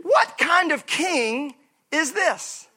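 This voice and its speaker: Pastor, male, high bright voice, energetic, joking sermon with congregation repeating lines. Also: extremely slow. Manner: lively preaching with call-and-response and humor. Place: church sanctuary.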